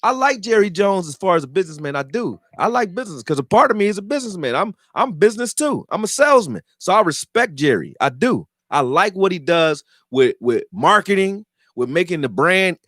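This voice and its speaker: Talking a little fast with hardly any pauses, this high-pitched fan commentator delivers a profane, animated football rant and acts out quotes for his videos. The sound is clean studio audio without room sound.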